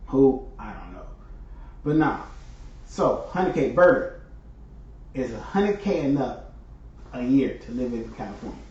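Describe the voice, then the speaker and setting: Streamer host, casual and chatty, heard from across a very echoey room. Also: male voice, mid-range voice, very animated, unhurried, pauses often, darkish tone. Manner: loose, talkative, greets viewers by name. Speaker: livestream host. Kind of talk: casual chat with viewers. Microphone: far from microphone. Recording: echoey distant lo-fi room sound.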